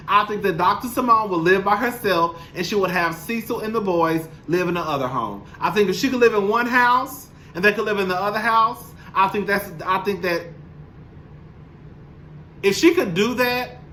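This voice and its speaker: A man's voice: high voice, bright, forceful tone, a little hiss or hum, low-quality recording. A young man, recapping a reality show in a sassy, blunt, profane, casual monologue straight to his viewers. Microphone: camera mic, speaking to camera.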